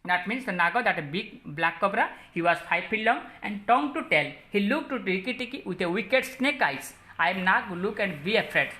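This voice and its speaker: Bright-voiced teacher with an Odia English accent. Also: female voice, medium pitch, animated. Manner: halting, many fillers, lists word meanings. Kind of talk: classroom lesson explaining a story.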